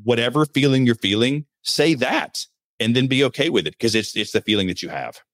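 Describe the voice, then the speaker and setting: A man's voice: medium pitch, lively intonation, brisk, a bit bright, dry recording. A man speaking as a podcast guest in casual chat, candid and earnest, with self-deprecating humor.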